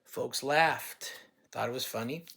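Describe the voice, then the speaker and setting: A California political candidate addresses listeners directly in blunt, folksy campaign talk, using stories to make his point. His mid-range voice is slow and forceful, bright yet creaky and slightly rough.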